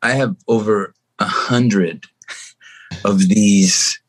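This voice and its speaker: A man guest on a podcast, talking casually and telling stories about his young son. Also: extremely slow. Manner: animated storyteller, jumps to a high voice quoting his son. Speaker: guest musician.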